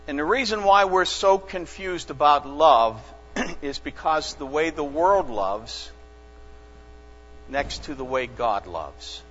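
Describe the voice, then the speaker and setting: A man preaching a sermon as a pastor, telling stories slowly and earnestly with dramatic pauses. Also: a little high, a bit bright. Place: church sanctuary. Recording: dull lo-fi church recording with long reverb and mains hum.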